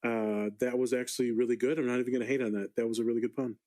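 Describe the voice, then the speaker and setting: A man's voice: medium pitch, little pitch movement, rapid-fire, dark tone, low-quality recording. Candid, joking male therapist on a podcast. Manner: candid, profane, playful. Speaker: therapist guest. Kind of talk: casual podcast chat.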